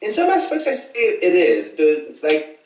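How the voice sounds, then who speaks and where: A man hosting a casual movie chat, talking with excitement and tripping into restarts. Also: sits high, moderate pace. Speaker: podcast host. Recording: roomy echo, mic far off.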